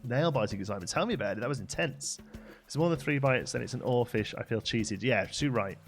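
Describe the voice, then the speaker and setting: A man's voice: mid-range voice, brisk. Guy live streaming a game, laid back chatty commentary, faint music behind him. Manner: relaxed, chatty, reads chat aloud and answers it.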